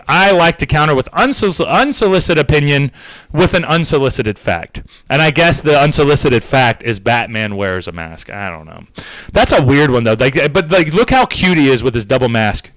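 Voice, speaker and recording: Sarcastic bright-voiced man ranting. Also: fairly high pitch. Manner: sarcastic, profane. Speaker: podcast host. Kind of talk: casual comedic rant.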